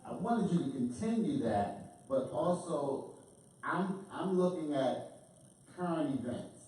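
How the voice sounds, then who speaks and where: A man in the audience asking a question, halting and repeating words as he goes. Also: on the high side, expressive, dark tone. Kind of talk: question from the floor. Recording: echoey room, far from mic, faint hum.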